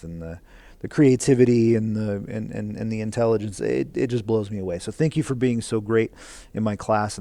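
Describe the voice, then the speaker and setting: Male teacher, low gravelly voice, earnest and rambling, recorded instruction video. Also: warm tone, no echo. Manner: rambling, filler-heavy, earnest and encouraging.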